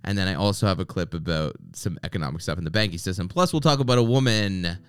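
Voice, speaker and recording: A man's voice: sits low, fast talker, clean tone, dry recording, clean studio sound. A man hosting a podcast, joking and sarcastic in casual banter. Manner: joking, sarcastic, animated storytelling. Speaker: podcast host.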